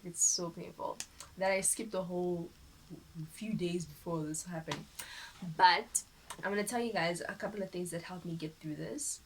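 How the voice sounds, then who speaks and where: A young South African woman vlogging, telling a personal story in a lively, animated way and acting out the people she quotes. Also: on the low side, a little hiss or hum, rough recording. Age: teens. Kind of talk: casual storytelling vlog. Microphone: phone camera.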